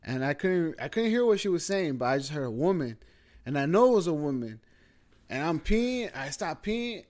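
A man's voice: a little high, big pitch swings, moderate pace, a little mellow. A man telling a story in casual chat, loose and profane, full of fillers and "bro".

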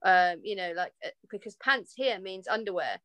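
A woman's voice: medium pitch, animated, normal speed, a bit bright, no echo. A woman with an English accent, a podcast guest chatting casually and laughing often, with frequent restarts. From England. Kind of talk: casual chat.

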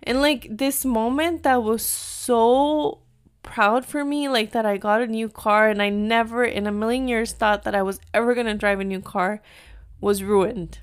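A woman's voice: on the high side, fairly even intonation, moderate pace, smooth. A woman in her thirties telling viewers a personal story in a chatty, filler-heavy way, mixing in Spanish words. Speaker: vlogger.

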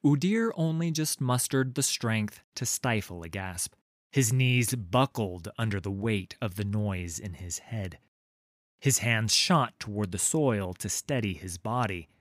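A man reading a fantasy story aloud in a measured, deliberate way. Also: on the low side, animated, no room sound, studio quality. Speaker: narrator. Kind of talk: scripted fantasy narration.

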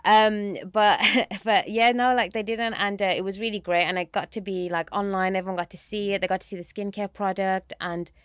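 Young woman, interview guest, chatty and filler-heavy, mid pitch, dry close mic. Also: fairly even intonation, a little fast, few pauses, smooth, no echo. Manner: chatty, uses many fillers like "like" and "you know". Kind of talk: casual chat.

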